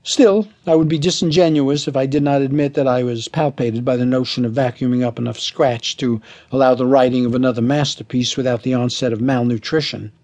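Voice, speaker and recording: A man narrating his own humorous story in a wry, dry manner, giving the ornate, wordy prose a deadpan reading. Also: medium pitch, a little fast, few pauses. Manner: flustered, stammering when he speaks as himself.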